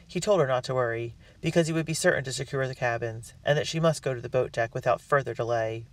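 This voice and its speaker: A man narrating a storybook in the first person with an earnest, expressive delivery. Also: medium pitch, fast talker, few pauses. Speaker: audiobook reader. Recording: dry, distant mic.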